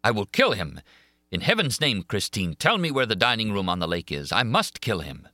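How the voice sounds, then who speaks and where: A man's voice: lowish voice, sing-song, normal speed, bright, forceful tone, dry recording, clean studio sound. A man voicing a fierce, jealous young man. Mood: urgent. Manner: vehement, urgent. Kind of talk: audiobook character reading.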